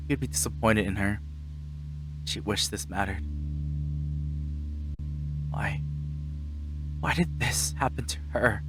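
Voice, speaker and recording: A man reading a visual novel aloud on stream, narrating and reacting in a lowish voice. Guitar music plays clearly underneath him. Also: takes it slowly, pauses often.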